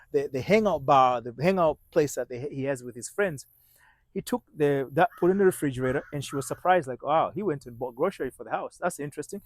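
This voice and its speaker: A man with a somewhat high voice tells a motivational story as a marriage coach. He restarts his sentences often and drops almost to a hush when the story turns tense. The sound is dry, with no room echo. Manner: halting, many restarts, drops to a hushed voice at tense moments.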